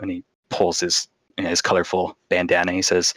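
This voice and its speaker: Deep-voiced man narrating a tabletop game. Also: monotone, brisk, bright, forceful tone, no room sound, low-quality recording. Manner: casual, filler-heavy narration. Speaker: game master.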